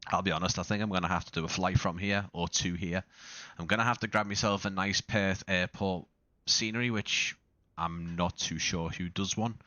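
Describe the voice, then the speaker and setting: Casual flight-sim streamer, a man with a low, bright voice on a dry close mic, who talks in loose, self-correcting bursts. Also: steady tone, normal speed, dry recording. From not Australian. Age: adult father. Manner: rambling, self-correcting, with frequent restarts and fillers. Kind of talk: casual live-stream commentary.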